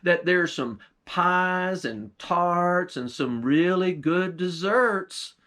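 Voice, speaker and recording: A man's voice: high-pitched, animated, drawn-out words, a bit bright, heavily acted. A man voicing a clever young trickster lad who feigns reluctance, in a storytelling drawl. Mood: sly.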